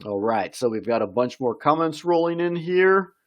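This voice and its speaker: A man's voice: on the high side, expressive, normal speed. A man teaching an English vocabulary lesson on a live stream, reading viewer comments aloud and encouraging them.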